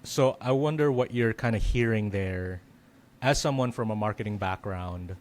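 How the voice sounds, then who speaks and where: A man's voice: on the low side, moderate pace, darkish tone. Reflective male podcast host. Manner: reflective, thinking aloud with many "like"s. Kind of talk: casual conversation.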